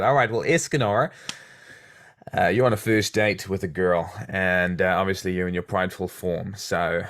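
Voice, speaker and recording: A South African man with a lowish voice hosts a casual podcast interview. He is effusive and admiring and laughs easily. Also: steady tone, moderate pace, fairly bright tone. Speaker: podcast host.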